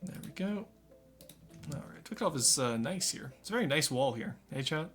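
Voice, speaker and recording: A man's voice: a little high, animated, normal speed, fairly bright tone, soft background music. Chatty man streaming a game. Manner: chatty, joking, talks to chat. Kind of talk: casual live game commentary.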